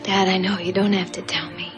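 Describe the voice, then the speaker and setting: An anxious young daughter, played by a woman with a pleading tone. Music plays clearly behind her. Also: medium pitch, flat delivery, a little fast, lightly acted.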